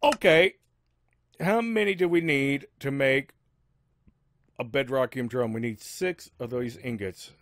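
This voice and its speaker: A man hosting a game let's-play in casual, rambling commentary with many asides, speaking above his natural low register. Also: a little slow, pauses often, fairly bright tone, no room sound. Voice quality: rambling, lots of fillers and asides.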